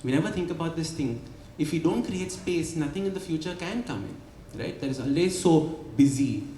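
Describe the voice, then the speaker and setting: A man's voice: a little high, expressive, moderate pace, mellow, slight background noise. Man explaining in an echoey hall. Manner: explanatory, asks rhetorical questions with "right?". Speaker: author and habit coach. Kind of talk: speaking at a book launch. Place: event hall before an audience. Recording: echoey hall with light ambience.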